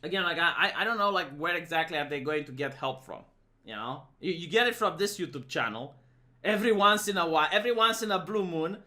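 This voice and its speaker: A man's voice: on the high side, animated, fast talker, pushed and bright. A man from Romania delivering a sarcastic opinion monologue to his channel, often stammering on restarts. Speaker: streamer and YouTuber.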